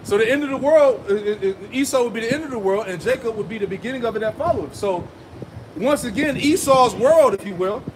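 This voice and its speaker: Emphatic male street preacher, high pitch, outdoor traffic noise behind him. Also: fairly quick. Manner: emphatic, asks rhetorical "right?" and "man" often. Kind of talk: street sermon with scripture reading.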